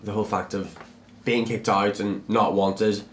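A young man tells his life story to a documentary camera. His voice sits on the low side. He talks in halting stops and starts, repeating words and filling gaps with fillers. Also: level tone, a little hiss or hum. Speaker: drag performer.

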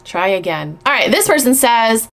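With faint music behind her, a woman YouTuber takes on mean comments in a casual vlog, blunt and sarcastic and swearing often. Her slightly bright voice is on the high side, swinging widely in pitch at a moderate pace.

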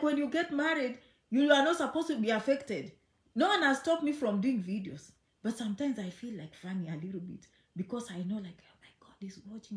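Woman vlogger, emphatic and teasing, slightly high voice, roomy echo. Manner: chatty and emphatic, repeats phrases, teasing. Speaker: immigration vlogger. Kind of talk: casual direct-to-camera talk. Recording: echoey room.

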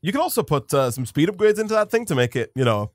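A man chats over a game with a lively, swooping voice, quick to sound amazed. He sits a little higher in pitch than most men. The recording is dry and close. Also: no echo. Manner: animated, easily amazed, laughs along. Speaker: co-host of a gaming channel. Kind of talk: casual chat while playing a game.

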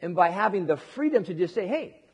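A man's voice: high voice, expressive, fast talker, breathy edge, in a large hall. A male pastor preaching a casual, joking sermon, talking conversationally with frequent restarts.

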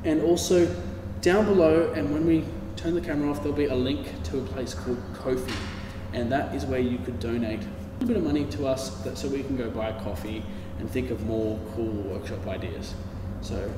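A man's voice: mid-range voice, steady tone, a little fast, few pauses. A man hosting a livestream craft workshop, telling a playful story with toys, in an echoey hall with a distant mic and background hiss. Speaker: workshop host.

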